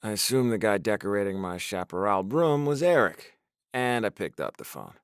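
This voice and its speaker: A man's voice: lowish voice, very animated, moderate pace, clean tone, no room sound, clean studio sound. A man narrating a novel in the first person, with a wry, exasperated storytelling manner. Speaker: audiobook narrator.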